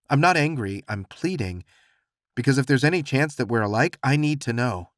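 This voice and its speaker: A man reads a first-person romance audiobook in a mid-pitched voice with lively, expressive inflection. His storytelling feels reflective and intimate. The recording is close and dry, with no room sound. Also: normal speed, dry recording. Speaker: audiobook narrator.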